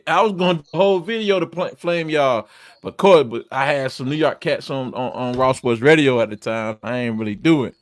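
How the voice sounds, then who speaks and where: Profane, animated sports radio man. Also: medium pitch, a little fast, no room sound. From North Carolina. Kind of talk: casual sports banter.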